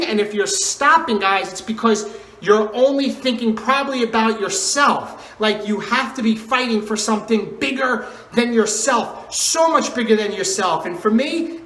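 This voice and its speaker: A man's voice: high-pitched, a bit bright, echoey room, poor audio. A man in his thirties, a fitness coach giving an earnest, emphatic motivational vlog talk and repeating his questions for effect.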